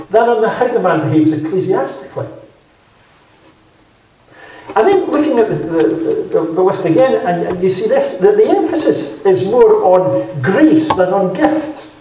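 Preacher in a very echoey hall. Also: male voice, sits high, dark tone, a little hiss or hum. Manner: measured, emphatic, repeating key phrases. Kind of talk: Bible teaching sermon. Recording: very echoey hall, speaker far from mic.

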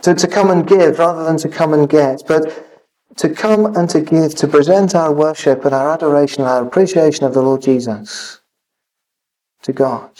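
Earnest male preacher, high-pitched, halting delivery, miked from a distance. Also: darkish tone. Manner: earnest, halting with repeated fillers. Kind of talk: sermon.

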